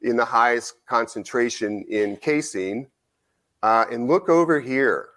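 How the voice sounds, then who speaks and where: A middle-aged man giving a conference lecture. He tells an anecdote in an animated way, acts out both sides of the conversation and often asks "right?". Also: mid-range voice, unhurried. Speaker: nutrition researcher giving a conference talk. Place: lecture hall.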